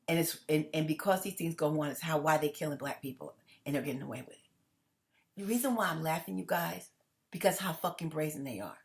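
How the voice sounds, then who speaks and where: Animated, rambling woman vlogger. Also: low voice, fairly quick, vocal fry. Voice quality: animated, laughing, swinging from loud to hushed. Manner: rambling with restarts and repeats; blunt, curses freely. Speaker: vlogger addressing viewers. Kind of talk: casual direct-to-camera monologue.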